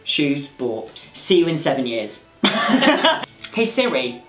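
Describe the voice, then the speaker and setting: A man's voice: fairly high pitch, sing-song, slow pace, fairly bright tone, soft background music. A young man vlogging in a camp, sarcastic, jokey way. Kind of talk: casual comedic vlog.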